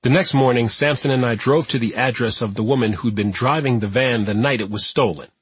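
A man reading an audiobook narration in a steady, even manner. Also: mid-range voice, fairly quick, husky, no echo. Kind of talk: scripted narration.

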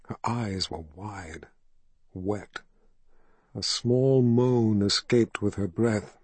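A man narrating a fantasy novel as an audiobook, telling the story in a measured, steady way. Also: fairly low pitch, breathy edge, no echo.

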